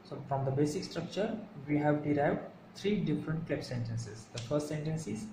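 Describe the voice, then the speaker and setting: A man teaching an English grammar lesson to viewers, explaining slowly and carefully, often repeating and rephrasing his points. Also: on the high side. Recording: echoey room with faint background hum.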